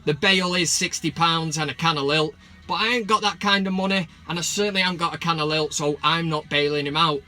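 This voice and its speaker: A man's voice: on the high side, fairly quick, soft background music. A man, ranting about football in a sarcastic, sweary, comic way. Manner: sweary, sarcastic, bursts of mock excitement. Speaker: football vlogger. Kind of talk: casual comic rant.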